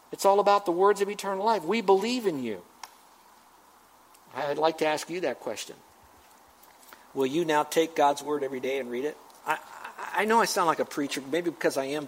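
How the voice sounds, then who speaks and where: A man's voice: a little high, low-quality recording. A man, a pastor, preaching a sermon to his church, earnest and exhorting, pressing the listeners with repeated questions.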